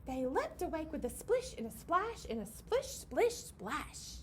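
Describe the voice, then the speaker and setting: A woman's voice: high-pitched, big pitch swings, unhurried, slight background noise. A young woman leading a library storytime for babies, reading a picture book aloud in a playful sing-song way and acting out the animal sounds.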